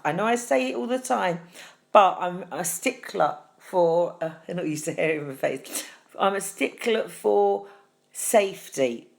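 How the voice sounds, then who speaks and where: A middle-aged woman hosting a deadpan comic tutorial, chatty and fussy, calling viewers darling. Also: on the low side, creaky. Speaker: host.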